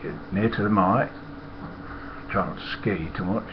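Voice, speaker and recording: A man's voice: low-pitched, a little slow, dull audio, background noise. A man, a former lorry driver telling stories in a rambling, blunt and profane way. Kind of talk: casual storytelling monologue.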